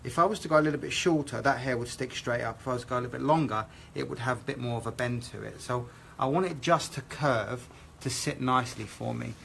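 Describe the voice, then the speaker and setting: British male hair educator, middle pitch, methodical live cutting demo, faint background noise. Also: fast, vocal fry, fairly bright tone. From England. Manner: explains steps methodically, asks okay?. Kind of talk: live haircut demonstration.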